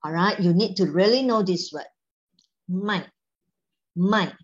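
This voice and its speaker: A woman's voice: lowish voice, animated, fairly quick. A woman with a Malaysian accent teaching a Mandarin lesson, mixing English and Mandarin and explaining words step by step. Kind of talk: language lesson. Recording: dull lo-fi sound.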